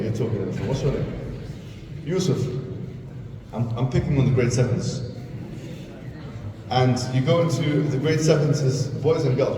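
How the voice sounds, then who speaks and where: A man, speaking as a guest to school students, animated and storytelling, often acting out dialogue and questioning the audience. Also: mid-range voice, far from the mic. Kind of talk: lively talk to students. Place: school hall. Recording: echoey hall, voice from afar, background noise.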